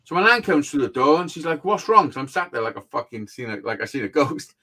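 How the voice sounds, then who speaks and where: A man's voice: mid-range voice, expressive, fast, bright, forceful tone. A man, host of a live show, telling rambling sweary anecdotes in casual chat.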